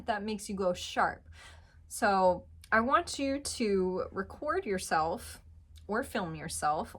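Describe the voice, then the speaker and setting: A woman singing teacher explains sharp and flat pitch at a slow, patient pace. Her voice is bright and clear, and she breaks into sung notes to show what she means. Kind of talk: vocal lesson.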